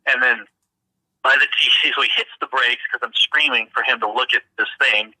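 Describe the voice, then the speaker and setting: A man earnestly telling of a strange encounter in casual first-person storytelling, halting and repeating words as he goes. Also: medium pitch, bright, forceful tone, no room sound, low-quality recording. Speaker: witness recounting an encounter.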